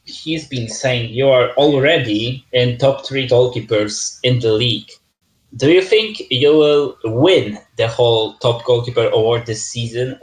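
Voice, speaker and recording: Male league host, casual and chatty, echoey room. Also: medium pitch. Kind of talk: casual esports league preview.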